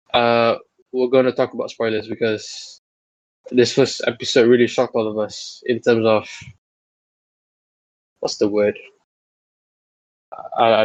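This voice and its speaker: A man's voice: mid-range voice, dry recording. Man, podcast co-host, casual chat, rambling, teasing, dry sound, slightly dull audio. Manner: rambling, teasing, laughs often.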